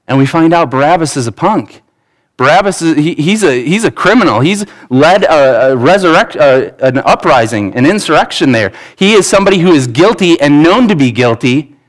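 A man's voice: on the high side, low-quality recording. A pastor in his thirties preaching a sermon in an earnest, conversational way, with asides and restarts.

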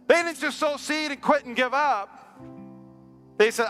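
A man's voice: extremely high pitch, a little slow, pushed and bright, soft background music. A male pastor preaching a sermon in a church, building to impassioned, repetitive refrains. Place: church sanctuary.

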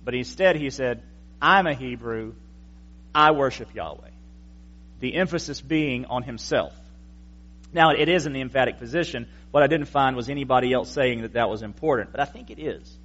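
A man's voice: medium pitch, a little fast, dull audio. A male pastor giving a conversational teaching sermon with wry asides to the congregation. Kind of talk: explanatory evening sermon.

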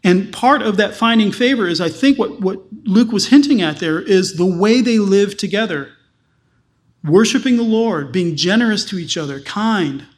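Pastor guy preaching, pretty high voice, repeats stuff for emphasis. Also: normal speed. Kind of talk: sermon.

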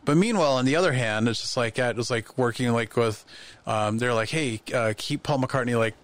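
A man in casual podcast chat, telling lively anecdotes and acting out the voices of people in them. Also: mid-range voice, a little fast. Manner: animated anecdotes, acts out quoted voices. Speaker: podcast guest.

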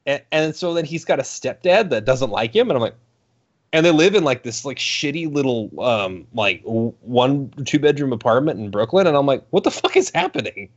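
A man's voice: medium pitch, animated, moderate pace. A man in casual podcast chat, ranting animatedly and swearing, slipping into mocking voices. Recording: dull lo-fi sound.

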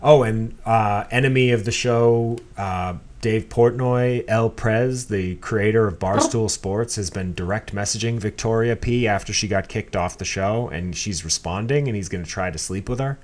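Guy with a lowish voice ranting sarcastically on a podcast, swears a lot. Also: moderate pace, few pauses. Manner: sarcastic, crude, mocking voices. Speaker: podcast co-host. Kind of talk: casual chat.

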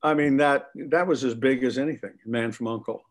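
A man being interviewed, telling animated, profane stories about his acting work with plenty of laughter. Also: mid-range voice, fairly quick. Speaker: actor guest. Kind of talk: casual anecdotal storytelling.

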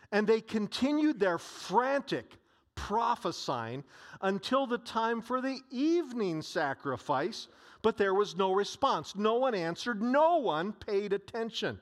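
A male pastor preaching a sermon, telling a story in an animated way with frequent restarts. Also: high voice.

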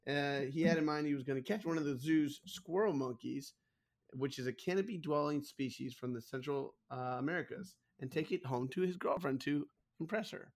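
A man's voice: fairly high pitch, normal speed. Man hosting a comedy podcast. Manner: comic storytelling, laughing at his own punchlines. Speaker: podcast host. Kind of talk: casual chat, reading news stories.

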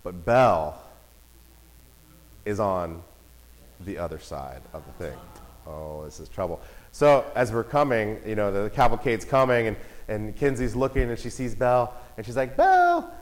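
A father telling a family story in a casual, animated way. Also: on the low side, normal speed, rough recording. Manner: animated, acts out voices and shouts in quotes.

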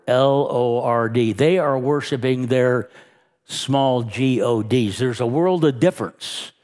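Slow, emphatic preaching man. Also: medium pitch, a little mellow. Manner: slow, emphatic preaching that rises and quickens when retelling scenes. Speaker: pastor. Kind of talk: sermon.

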